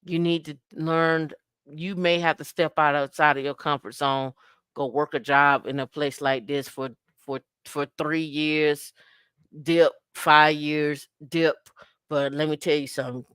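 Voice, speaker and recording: A woman co-hosting a podcast in casual talk, an emphatic, lively storyteller who acts out the dialogue and repeats her advice for effect. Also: low voice, measured pace, clean tone, no room sound, clean studio sound. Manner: emphatic, repetitive advice-giving. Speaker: podcast co-host.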